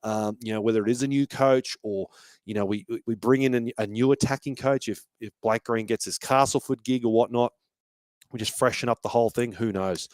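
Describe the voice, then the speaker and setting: A man's voice: mid-range voice, a little fast, a little mellow, no room sound. A man hosting a casual fan podcast, talking with feeling, swearing freely and restarting his sentences often. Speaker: podcast host.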